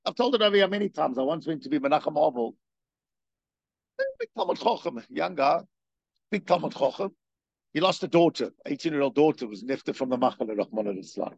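A man giving a spoken religious lecture, animated, firing rhetorical questions and repeating himself. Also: a little high, fairly quick, creaky, no room sound. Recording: dull, dry lo-fi recording.

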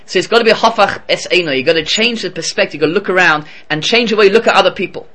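A man giving a Torah lesson in a lively, conversational storytelling manner. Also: high-pitched, rapid-fire. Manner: animated, conversational. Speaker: Torah teacher.

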